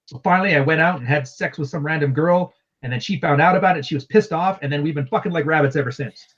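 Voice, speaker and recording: A man's voice: fairly high pitch, quick pace, fairly bright tone. A man chatting casually as a podcast guest, heard over a dull, lo-fi remote connection.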